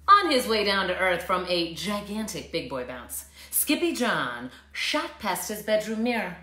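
Animated woman reading to children. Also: lowish voice, normal speed, hardly any pauses, background noise. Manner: animated, coaxing, talks to the children. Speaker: teacher reading aloud. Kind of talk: interactive children's read-aloud. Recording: echoey room.

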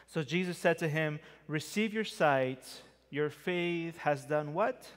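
A man preaching a sermon as a pastor, in a conversational style with lively emphasis. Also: a little high, takes it slowly, in a large hall. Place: church sanctuary.

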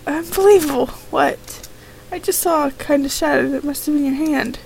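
High-pitched woman gamer, reads all game dialogue herself, quick asides, faint hiss behind. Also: steady tone, creaky, low-quality recording. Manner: reads each character's lines in her own voice, reacts with exclamations. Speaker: let's play gamer. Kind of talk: reading game dialogue aloud with commentary.

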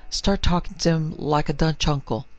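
A man's voice: a little high, moderate pace, a little mellow, no echo, soft background music, natural voice. A man voicing a headstrong young woman who speaks urgently and emotionally. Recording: dry, slightly muffled recording.

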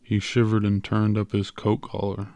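Low gravelly male storyteller. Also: monotone, moderate pace, warm tone, no room sound. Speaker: audiobook narrator. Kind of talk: scripted narration.

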